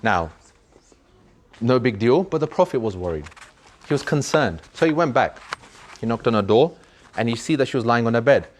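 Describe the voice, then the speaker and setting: A man's voice: medium pitch, lively intonation, normal speed, long pauses, a little hiss or hum. A man telling a story to children in an earnest, emphatic way, repeating words for effect.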